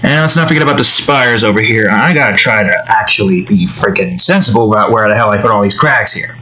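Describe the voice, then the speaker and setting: A man's voice: fairly low pitch, fast talker, bright, forceful tone, low-quality recording. A young man casually narrating as he draws, rambling and muttering to himself. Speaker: digital artist. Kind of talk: casual narration while drawing.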